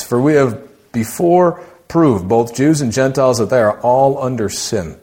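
A man preaching a sermon in a conversational way, asking rhetorical questions and often dropping his voice low for emphasis. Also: expressive, moderate pace, a little mellow.

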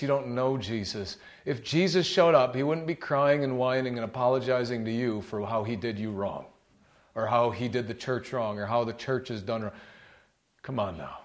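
A man preaching a sermon, rebuking forcefully and reading scripture with emphasis. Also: medium pitch.

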